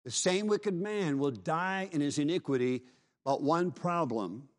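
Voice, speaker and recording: Fervent preacher man, slightly high voice. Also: measured pace. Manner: fervent, urgent preaching with repeated phrases. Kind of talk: revival sermon.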